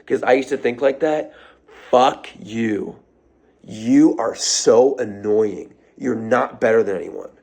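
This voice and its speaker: A man's voice: mid-range voice, a little mellow. A man giving an off-the-cuff motivational rant to his followers, blunt and profane, hammering phrases over and over. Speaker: social media creator.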